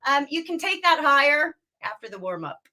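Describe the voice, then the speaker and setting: A woman vocal coach leading a live online warm-up class, talking through the exercises and demonstrating bored, whiny sounds and sung scales. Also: high-pitched, big pitch swings, normal speed.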